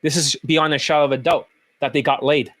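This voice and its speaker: A high-pitched man rants as a dating coach, swearing freely and mocking others. His voice is recorded dry and close, with no room around it. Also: fairly even intonation, a little fast, a bit bright, no echo. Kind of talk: ranting video commentary.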